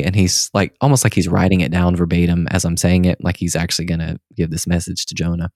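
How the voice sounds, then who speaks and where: A young man co-hosting a podcast in casual chat, telling a story with lively acted-out quotes. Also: low voice, quick pace, few pauses, no echo, studio quality. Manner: animated storyteller who acts out the people in his stories. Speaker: podcast co-host.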